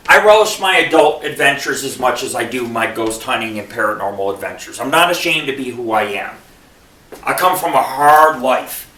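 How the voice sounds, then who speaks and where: A man's voice: mid-range voice, lively intonation, normal speed, bright, forceful tone. A man from Buffalo hosting a radio show, telling rambling, profane stand-up style stories. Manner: profane, rambling and digressive storytelling. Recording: echoey room, far from the mic.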